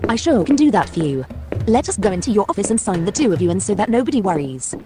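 A man putting on a flirty high-voiced secretary. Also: big pitch swings, fast talker. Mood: polite. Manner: high falsetto, teasing. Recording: background music.

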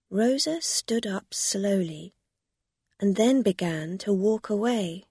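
A woman narrating a story in a slow, deliberate reading. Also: mid-range voice, lively intonation, creaky, dark tone, slightly rough, no room sound, clean studio sound.

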